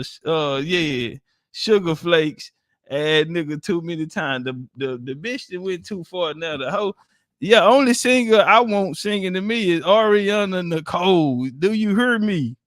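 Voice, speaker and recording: High-voiced man mocking, slow and dry. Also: fairly bright tone, no echo. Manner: profane, laughing, mocking. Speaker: online commentator. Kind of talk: casual mocking commentary on clips.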